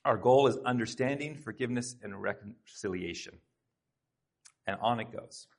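Husky-voiced pastor preaching conversationally. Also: male voice, mid-range voice, moderate pace, darkish tone. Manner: conversational, earnest preaching with asides to the congregation. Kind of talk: sermon. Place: church sanctuary.

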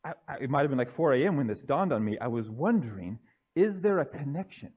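A man preaching, acting out young Joseph as an excited young man who stammers and gushes into a phone call to his dad. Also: medium pitch, quick pace, husky. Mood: eager. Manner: breathless, stammering, gushing. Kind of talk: dramatized monologue in a sermon.

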